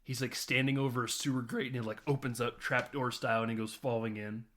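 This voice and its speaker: Animated man recapping a film. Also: mid-range voice, quick pace. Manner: animated storytelling, laughs and swears. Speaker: podcast host.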